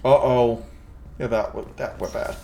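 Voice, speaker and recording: A man's voice: medium pitch, fairly even intonation, a little slow, vocal fry, warm tone, slight background noise. Candid, swearing let's play man. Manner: candid and emotional, swears freely. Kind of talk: casual gameplay commentary.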